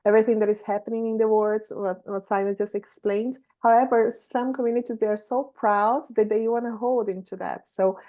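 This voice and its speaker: Brazilian woman with a mellow voice. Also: on the high side, steady tone. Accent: Brazilian Portuguese. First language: Portuguese. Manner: thoughtful, measured explaining with fillers. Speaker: interview host. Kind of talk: casual chat.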